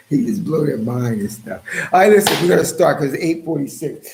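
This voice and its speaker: A man's voice: mid-range voice, normal speed, creaky, a little mellow. A man hosting a casual livestream, joking and calling out viewers by name. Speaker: livestream host.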